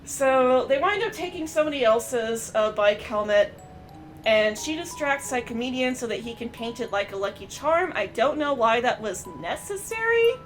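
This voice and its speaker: A high-pitched woman talks through a cartoon episode in a loose, chatty recap. She stays animated and fills her sentences with "uh" and "you know". Faint music plays softly behind her voice. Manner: chatty, animated, with many fillers and quick quoted voices. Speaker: streamer reviewing a cartoon episode. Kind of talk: casual reaction and recap.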